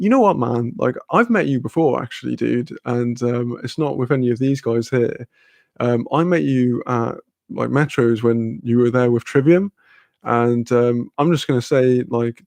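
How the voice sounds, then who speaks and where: Man, young, rambling chatty story, gravelly voice, dry mic. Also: medium pitch, steady tone, normal speed, a little mellow, dry recording. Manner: rambling, sweary, laughing, fillers. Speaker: streamer. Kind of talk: casual storytelling chat.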